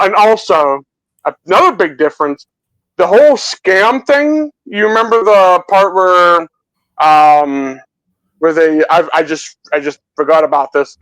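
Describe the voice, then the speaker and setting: A man with a high voice co-hosts a casual film podcast. He talks excitedly, stumbling over and repeating words as he goes. His voice is recorded dry and close. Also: a little slow, clean tone, no room sound, poor audio. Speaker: co-host.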